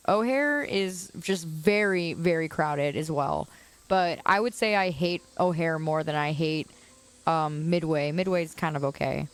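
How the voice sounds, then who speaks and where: A young woman from the Chicago area chatting casually with her viewers as she livestreams from a quiet suburban curb outdoors, laughing often and answering comments. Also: sits low, unhurried.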